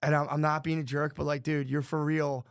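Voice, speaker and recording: Gravelly rambling man, podcast chat. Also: fairly high pitch, level tone, fairly quick, no room sound, studio quality. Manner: rambling, swearing, says dude constantly. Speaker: podcast guest.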